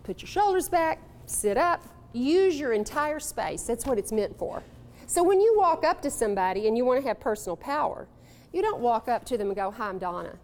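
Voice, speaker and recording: A woman from Texas giving a live motivational talk to an audience, animated and coaxing, calling on people in the room. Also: sits high, normal speed. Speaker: motivational speaker.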